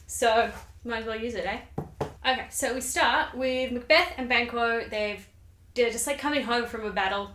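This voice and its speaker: A chatty, irreverent woman talks through the plot of a play in slangy, offhand asides. Her voice sits a little high and rings in an echoey room. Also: fairly bright tone, slight background noise. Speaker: channel host. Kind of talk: casual comic literature summary.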